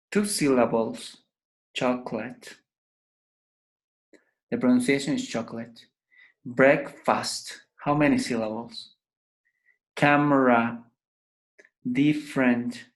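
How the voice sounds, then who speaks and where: Slow, patient male English teacher. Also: mid-range voice. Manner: repeats each word slowly to drill pronunciation. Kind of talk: pronunciation lesson.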